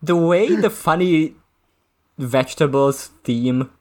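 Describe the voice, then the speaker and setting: Halting, amused mid-pitched podcast speaker. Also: lively intonation, slight background noise. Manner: halting, restarts often, amused. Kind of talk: casual book discussion chat.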